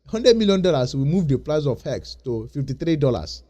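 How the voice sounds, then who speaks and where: A man hosting his own channel, talking straight to his viewers in a mellow, rather high voice. He lectures them insistently, circling back over the same points again and again. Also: sing-song, a little fast. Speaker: crypto channel host. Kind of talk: casual vlog talk to camera.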